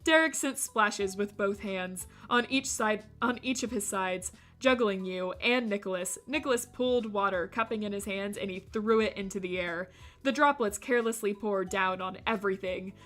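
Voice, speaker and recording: A woman streamer reading a visual novel aloud, breaking off for animated, jokey commentary. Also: medium pitch, normal speed, soft background music. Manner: animated, jokey asides with laughter.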